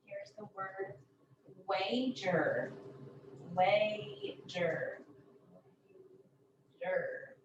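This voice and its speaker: A woman teaching a phonics lesson, saying each word slowly and repeating it several times. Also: on the high side, highs cut off, background noise. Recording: echoey room from a distance.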